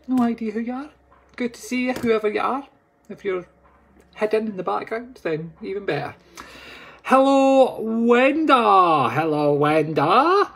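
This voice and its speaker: Scottish guy chatting on a live stream, playful, greets folks by name, bit husky. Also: high voice. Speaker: psychic medium hosting a live stream. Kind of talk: casual live-stream chat.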